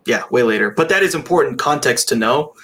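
A man co-hosting a casual movie review chat, rambling and animated, swearing now and then. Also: medium pitch, fairly quick. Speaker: podcast co-host.

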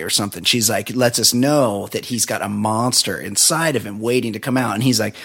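A man's voice: on the low side, fairly quick, few pauses, fairly bright tone, slightly rough. A man co-hosting a podcast, reviewing a movie in casual, profane chat with sarcastic asides and frequent laughs. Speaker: podcast co-host.

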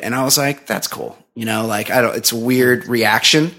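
A man's voice: mid-range voice, moderate pace, few pauses, pushed and bright. A man co-hosting a podcast, telling a long story in casual, profane, rambling chat full of fillers. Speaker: podcast co-host.

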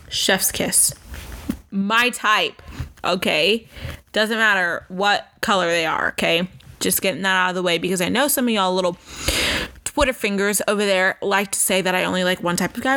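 Young american woman, podcast host, casual chat, bright voice, lively swinging pitch, swears a lot. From United States. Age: 20s. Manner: chatty and animated, swearing and joking.

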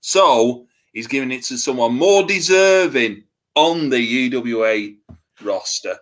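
A man co-hosting a chatty podcast, his pitch swinging lively up and down as he tells stories. He laughs often and keeps an animated, bantering tone. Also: measured pace. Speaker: podcast co-host. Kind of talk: casual chat.

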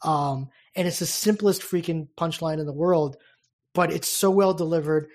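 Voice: medium pitch, normal speed, darkish tone. An eager podcast co-host with a mid-range voice retells a scene with gusto, slipping quoted lines into casual chat.

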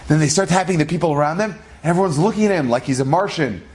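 Male storyteller, high voice, dramatic inspirational sermon delivery. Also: racing. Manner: animated, dramatic storytelling with a moral. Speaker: religious storyteller.

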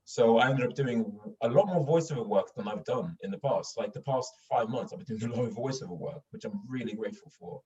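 A man's voice: medium pitch, a little fast, hardly any pauses, a little mellow, slight background noise. A man from Sweden talking casually in an interview, full of restarts and fillers. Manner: rambling, many restarts and fillers. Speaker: guest actor. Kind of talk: casual interview over video call. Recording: distant, dull lo-fi mic.

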